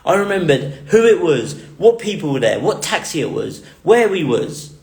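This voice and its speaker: A man's voice: fairly high pitch, very animated, moderate pace, a little mellow. A man earnestly telling his own story to camera, repeating words for emphasis. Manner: earnest, repetitive emphatic phrasing. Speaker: vlogger recounting a near-death experience. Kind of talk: emotional personal storytelling. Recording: roomy echo.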